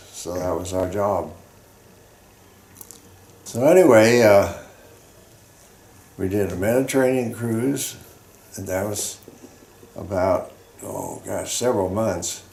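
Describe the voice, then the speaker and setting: An elderly veteran from Colorado recalls his service in a low, gravelly voice. He talks slowly and halts often, circling back with fillers. The recording carries a roomy echo. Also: fairly even intonation, a little mellow. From Colorado, United States. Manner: halting, rambling reminiscing with fillers. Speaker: veteran interviewee. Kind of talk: oral history storytelling. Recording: roomy echoey room.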